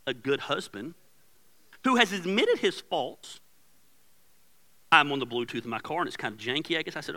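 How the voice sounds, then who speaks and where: Lively, bright-voiced pastor telling a story. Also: male voice, fairly high pitch, normal speed, long pauses, rough recording. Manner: animated storytelling, acts out his wife's yelling. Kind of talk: sermon. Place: church sanctuary. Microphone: handheld or headset microphone.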